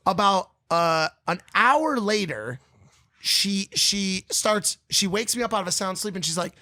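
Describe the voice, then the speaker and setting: Brief: man on a podcast, bright and forceful tone, telling wild stories loosely and animatedly. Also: measured pace, no echo, clean studio sound. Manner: animated, crude storyteller who mimics others in a high voice. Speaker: podcast co-host. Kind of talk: casual podcast storytelling.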